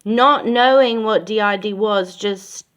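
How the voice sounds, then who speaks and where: Slow-talking woman telling a personal story. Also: mid-range voice, a bit bright. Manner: rambling, with many fillers; candid and frank, with casual swearing. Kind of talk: casual personal storytelling to camera.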